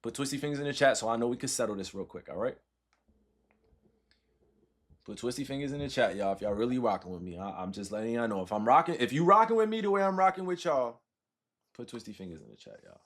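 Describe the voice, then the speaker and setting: A man's voice: lowish voice, big pitch swings, fast. A man in his thirties casually talking to his livestream chat, loose and repetitive, often tagging his sentences with "right?" and "all right?".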